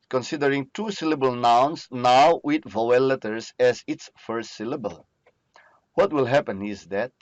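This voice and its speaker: Male lecturer, unhurried, repetitive, dry muffled recording. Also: medium pitch, no echo. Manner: repetitive, checks in with "okay?". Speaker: teacher.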